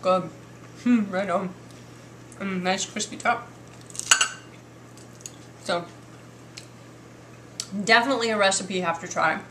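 A woman's voice: mid-range voice, slow pace, long pauses, noisy background. A woman hosting a casual home cooking video, chatty and enthusiastic as she works in her kitchen.

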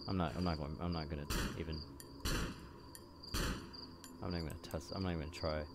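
A man's voice: extremely low pitch, fairly even intonation, fast, very noisy. A young man commentating a horror game, jumpy and swearing when scared. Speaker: gameplay commentator.

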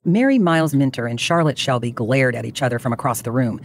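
A man narrating a true crime drama in a measured, dramatic storytelling manner. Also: medium pitch, lively intonation.

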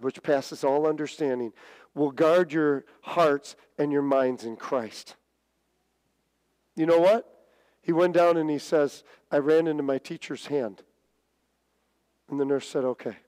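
A middle-aged man preaching a sermon, telling a story with stammers and restarts and big swings in pitch. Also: a little mellow. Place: church sanctuary. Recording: church hall reverb.

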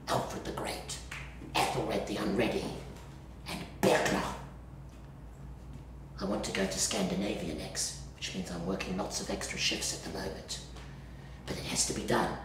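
A man playing a gravelly, wry New orderly. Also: on the low side, noisy background. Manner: wry, confiding storyteller. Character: male hospital orderly, a history-obsessed reenactor. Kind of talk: solo stage play. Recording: echoey stage from far off.

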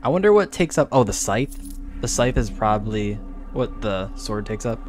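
A man talking through a game in a lively, swooping voice that leaps into high yelps when something surprises him. He sits close to his desk mic. Game music plays clearly underneath him. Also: moderate pace. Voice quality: animated, jumps to high yelps when startled. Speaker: gaming streamer. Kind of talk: casual let's-play commentary.

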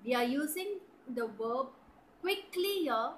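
A woman with an Indian English accent teaching grammar to children, spelling out words and often checking with "right?" and "clear?". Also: high voice, expressive, takes it slowly, slight background noise, poor audio. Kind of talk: slow, deliberate grammar lesson for children.

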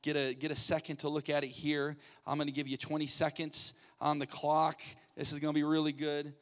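A man pastor runs a light game from the stage, teasing and coaxing volunteers with quick asides. His voice sits a little high. The sound carries the long reverb of a church sanctuary. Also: completely flat delivery. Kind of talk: playful audience hosting from the stage.

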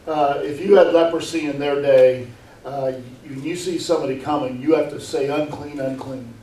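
A man's voice: fairly high pitch, steady tone, normal speed, mellow, slight background noise. A man preaching a sermon as pastor, earnest and full of rhetorical questions, often repeating words as he goes. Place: church sanctuary. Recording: echoey room, mic far off.

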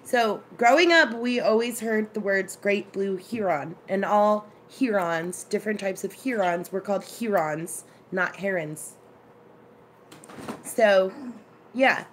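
A chatty woman hosting a relaxed live stream from her kitchen, greeting viewers and telling stories in an easy, conversational way. Her voice sits in a middle register, with a faint hum of room noise behind her. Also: mid-range voice, unhurried. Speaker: live-stream cooking host. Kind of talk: casual live-stream chat.

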